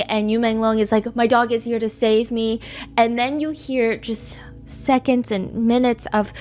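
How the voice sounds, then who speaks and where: A woman hosting a podcast, telling a story in quick, animated casual chat with frequent asides. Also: on the high side. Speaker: podcast host.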